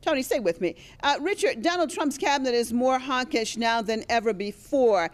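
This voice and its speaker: A woman moderating a televised debate, brisk and cutting in to keep time. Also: fairly high pitch, expressive. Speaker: TV debate host.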